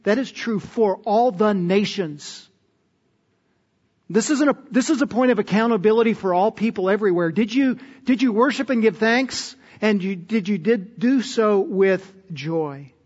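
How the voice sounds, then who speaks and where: A man's voice: sits high, a little slow, a little mellow, big-room sound, lo-fi sound. A man preaching a sermon as pastor, earnest and emphatic, often putting questions to his listeners.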